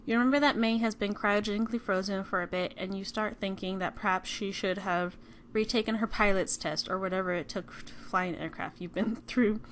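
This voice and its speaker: A woman's voice: mid-range voice, steady tone, fairly quick, a little hiss or hum. A young woman playing a visual novel game, reading the narration aloud and chatting about it along the way. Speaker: gamer. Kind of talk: let's play commentary and reading.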